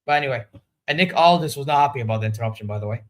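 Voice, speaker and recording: A man's voice: medium pitch, lively intonation, rapid-fire. A man hosting a wrestling reaction vlog, giving candid, opinionated, rambling commentary. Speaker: wrestling reaction channel host.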